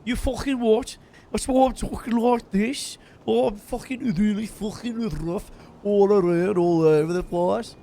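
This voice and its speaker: A man's voice: sits high, steady tone, a little slow, gravelly, dark tone. A man voicing a foul-mouthed posh gangster, snarling insults. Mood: menacing.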